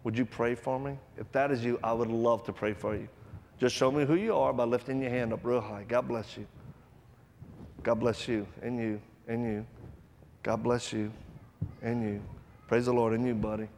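A man preaching a sermon to a live audience, telling stories with acted-out voices and loud bursts, then leading an altar call. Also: mid-range voice, steady tone, moderate pace, creaky, pauses often, big-room sound, slight background noise.

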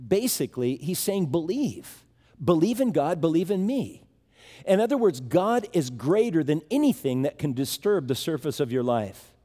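A man's voice: medium pitch, mellow, big-room sound. A man preaching a sermon in a conversational, emphatic way, often restarting his phrases.

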